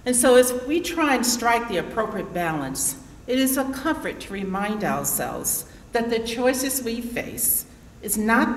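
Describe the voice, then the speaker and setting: Woman in her 60s, keynote speaker. Formal, lively address full of rhetorical questions, heard from afar in a big echoing hall. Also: lowish voice, slight background noise. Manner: rhetorical, poses questions to the audience. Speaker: keynote speaker, association president. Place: large conference hall. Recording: roomy reverberant hall, distant mic.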